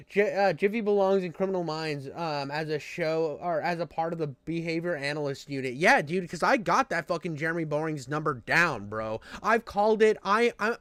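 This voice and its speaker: A man's voice: on the high side, fairly bright tone, smooth, no room sound. A man streaming casual chat, rambling and swearing and calling everyone dude.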